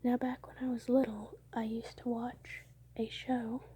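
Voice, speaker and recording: A woman's voice: fairly high pitch, level tone, measured pace, husky. Whispering young woman telling her dreams. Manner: soft unvoiced whisper, breaks into laughs. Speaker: ASMR creator. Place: home at night. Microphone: close mic.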